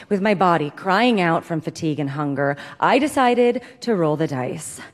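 A woman reads a comic story aloud with dry, deadpan timing. Her voice sits in a middle register for a woman. A long hall reverb trails behind every line. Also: mid-range voice.

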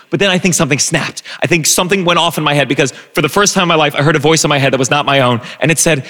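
A man telling a self-deprecating personal story on a live stage, animated, with stumbling restarts. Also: fairly high pitch, racing, hardly any pauses, big-room sound. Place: live stage before an audience.

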